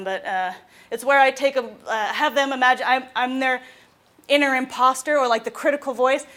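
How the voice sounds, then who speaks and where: High-voiced woman giving a lively talk. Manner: lively storytelling with laughs and acted quotes. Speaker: mental health specialist giving a talk. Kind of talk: informal talk to students.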